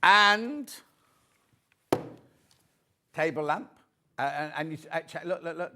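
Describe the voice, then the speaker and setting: A man's voice: fairly high pitch, lively intonation, takes it slowly, sharp tone. A man presenting on a live shopping channel, chatty and rambling with joking asides.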